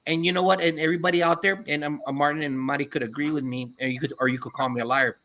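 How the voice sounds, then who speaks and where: Bright, emphatic male co-host. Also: a little high, fairly even intonation, rapid-fire. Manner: emphatic, folksy sayings. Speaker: podcast co-host, school administrator. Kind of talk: casual conversational talk.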